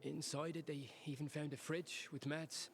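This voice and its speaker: A man's voice: on the high side, little pitch movement, moderate pace, soft background music, lightly acted. An actor playing a worried brother in a game who earnestly pleads for help for his sick sibling. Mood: earnest pleading.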